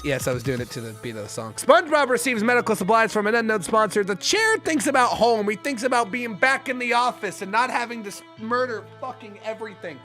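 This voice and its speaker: A young man streaming a game, reacting excitably, swearing and yelling at what happens. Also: sits high, fairly quick, hardly any pauses. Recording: music playing behind.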